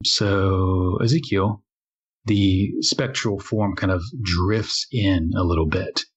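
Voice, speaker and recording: A husky, low-voiced man steers a tabletop game as its game master, laying out each turn in a measured, filler-dotted way. The recording is dull and lo-fi. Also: fairly even intonation. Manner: measured, filler-heavy narration.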